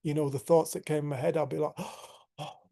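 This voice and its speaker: Candid man, gravelly voice, slightly higher pitch, casual group talk over a call. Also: steady tone, rapid-fire, warm tone. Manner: candid, earthy, swears, laughs at himself. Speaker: group facilitator. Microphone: video call.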